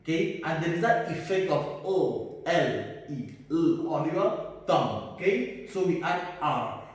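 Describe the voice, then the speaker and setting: Slow high-voiced man teaching in a hall. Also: sing-song. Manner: slow, repetitive, asks and answers own questions. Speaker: English teacher. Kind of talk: classroom grammar lesson. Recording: echoey hall, mic far off.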